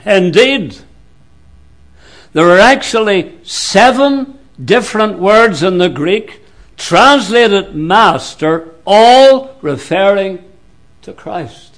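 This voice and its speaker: A man preaching a sermon in a slow, deliberate way, with sudden drops to a hushed voice. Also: high-pitched, animated.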